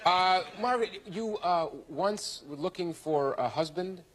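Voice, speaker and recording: A man's voice: sits high, a little slow, heavy background noise. A man hosting a TV game show in a studio, with jokey, upbeat banter. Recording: old TV broadcast with loud studio audience.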